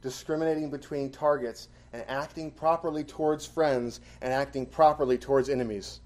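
A preacher gives a sermon in a warm, mellow voice of medium pitch at a normal speed. He hits key phrases with sudden bursts of volume before settling back into an even, teaching tone.

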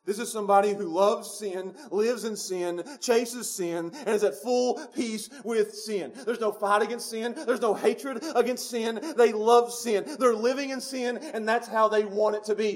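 High-voiced pastor preaching emphatically. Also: male voice, steady tone, a little slow, hardly any pauses. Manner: swings between quiet low stretches and loud emphatic peaks, with chuckles. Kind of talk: sermon. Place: church sanctuary.

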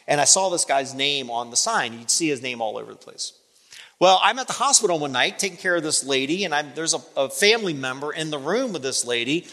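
A man preaching a sermon, telling a story from his own life and acting out the other person's lines with big jumps in pitch. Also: pushed and bright. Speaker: pastor. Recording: long hall reverb.

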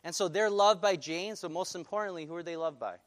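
A male pastor preaching a sermon, animated and putting questions to his congregation. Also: high voice, a little fast.

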